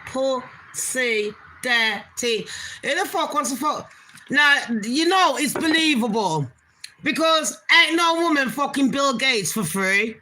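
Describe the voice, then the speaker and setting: A woman's voice: sits high, lively intonation, unhurried, pushed and bright, slight background noise. A woman hosting her own channel, ranting bluntly in casual commentary and swearing heavily with open scorn. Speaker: channel host.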